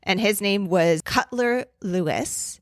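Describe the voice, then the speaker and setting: A woman's voice: mid-range voice, slow pace, no room sound, studio quality. Woman casually telling old local stories. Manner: rambling storyteller, reads old articles aloud. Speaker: podcast co-host. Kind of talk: casual chat.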